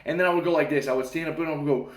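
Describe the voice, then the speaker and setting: A young man in a casual storytelling monologue, animated, swearing casually and acting out the voices of people in his story. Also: fairly high pitch, rapid-fire. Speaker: self-help talker. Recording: echoey room.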